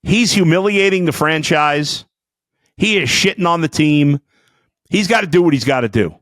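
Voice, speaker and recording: A man hosting a sports podcast, ranting angrily and swearing, with outbursts that drop to low muttering. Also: expressive, normal speed, no room sound, studio quality. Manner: fiery, profane, swings between shouting and muttering. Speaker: sports talk podcast host. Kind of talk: angry sports rant.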